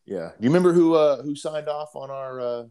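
A man's voice: a little high, lively intonation, a little fast, warm tone, smooth. A middle-aged man and army veteran in casual chat, telling profane stories full of quoted dialogue. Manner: laid-back, profane storytelling with quoted dialogue.

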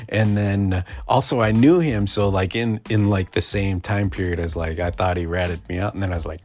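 Deep voiced guy in his 40s rambling thru a story w lots of ums, faint music behind. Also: steady tone, brisk, few pauses, darkish tone. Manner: rambling, many fillers and restarts. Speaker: podcast host. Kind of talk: casual storytelling.

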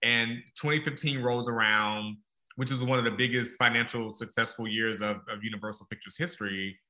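A man's voice: mid-range voice, steady tone, a little fast, pushed and bright. A man co-hosting a podcast, talking in a reflective, casual way with restarts. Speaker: podcast co-host. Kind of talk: casual chat.

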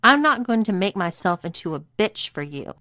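Lady voicing a panicky young guy, begging and protesting, pushed high and loud, dry sound. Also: sing-song, moderate pace, no echo. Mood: panicked protest. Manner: pleading, panicked, high and strained. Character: panicked young man, pleading and defiant.

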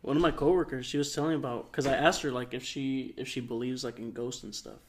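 A young man with a middle-pitched voice spins out a long anecdote on a podcast. He talks in a relaxed, meandering way, full of fillers and small restarts. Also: fast. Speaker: podcast co-host. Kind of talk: casual storytelling.

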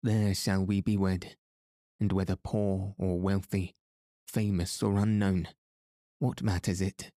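A man's voice: deep voice, mellow, dry recording, clean studio sound. A man reading the part of an ardent young knight in a storybook, speaking in earnest, old-fashioned courtly words. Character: ardent young male knight, humbled but joyful. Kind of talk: audiobook reading.

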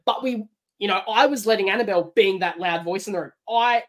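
Australian woman, podcast guest, lively and argumentative. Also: medium pitch, brisk. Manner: animated, argumentative, acts out quotes. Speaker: podcast guest, former contestant. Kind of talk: casual podcast chat.

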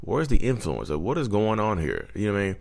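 A man in his thirties with a notably low, deep voice talks to camera in a loose, rambling vlog monologue. He keeps checking in with "you know what I mean" and acts out bits of dialogue as he goes. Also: sing-song, quick pace, vocal fry. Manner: loose and conversational, full of 'you know what I mean' and acted-out quotes. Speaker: vlogger talking about his own personality disorder. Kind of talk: casual storytelling monologue.

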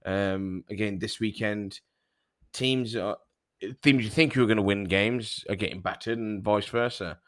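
A man co-hosting a casual football podcast, measured and full of fillers. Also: on the low side, fairly even intonation, fairly bright tone, no echo, studio quality. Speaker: podcast co-host.

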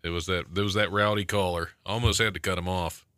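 An easygoing man hosting a radio talk show, agreeable and relaxed in his banter. His voice sits low with a bright, forceful edge. The studio sound is close and dry. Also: quick pace, no room sound. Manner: easygoing, agreeable, lots of yeahs.

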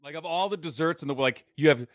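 A man's voice: fairly high pitch, fast, no echo, clean studio sound. A man co-hosting a podcast, riffing in playful casual banter. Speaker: podcast co-host. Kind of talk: casual chat.

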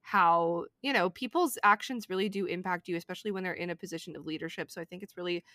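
A woman's voice: lowish voice, fast talker, sharp tone, dry recording. A woman co-hosting a podcast in casual chat, earnest and upbeat. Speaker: podcast co-host.

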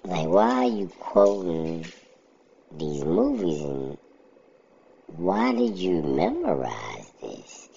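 A man's voice: sits low, wildly swooping pitch, takes it slowly, creaky, mellow, husky, highs cut off. A man in casual chat, ranting bluntly about things that annoy him.

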